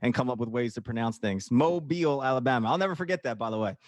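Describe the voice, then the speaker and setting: A man's voice: mid-range voice, lively intonation, fast, dry recording, studio quality. A man with a Northeast Philadelphia accent co-hosting a business podcast in casual chat, rambling and repeating words as he talks. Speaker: podcast co-host.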